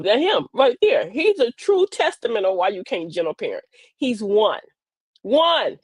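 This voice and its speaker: Husky, animated grandmother on a livestream. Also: on the high side, no room sound. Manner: animated, sassy storytelling with laughs. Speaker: livestream host. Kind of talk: casual comedic livestream monologue.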